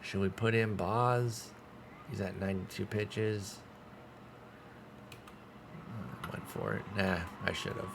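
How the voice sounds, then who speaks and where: A man's voice: lowish voice, steady tone, slow, vocal fry, pauses often, background noise. A man streaming a baseball management game, giving casual commentary in a frustrated, sarcastic way and swearing often.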